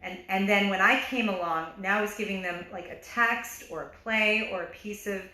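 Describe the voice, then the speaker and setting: A woman's voice: mid-range voice, normal speed, pushed and bright. A woman who directs and teaches theater, chatting in a rambling way with many restarts during an interview. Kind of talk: casual interview chat. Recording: echoey room.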